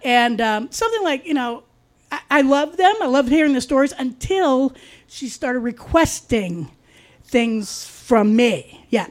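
A woman telling a personal story in a casual, wry way, with deadpan asides. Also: high-pitched, measured pace.

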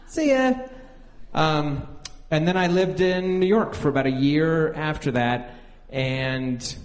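A man's voice: mid-range voice, big-room sound. A young man telling a candid, rambling personal story, acting out the lines of the people in it. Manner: candid, rambling, full of "like" and acted-out quotes.

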